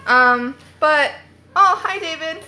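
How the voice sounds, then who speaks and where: A woman's voice: sits high, lively intonation, takes it slowly, sharp tone, faint music behind. A young woman hosting a casual live stream from home on her phone, rambling and chatty with lots of "like" fillers.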